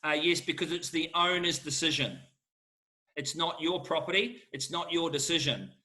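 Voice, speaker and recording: A middle-aged man with a fairly high, pushed and bright voice answers questions at normal speed in a lively Q&A, speaking as an auctioneer with an emphatic, fired-up salesman manner.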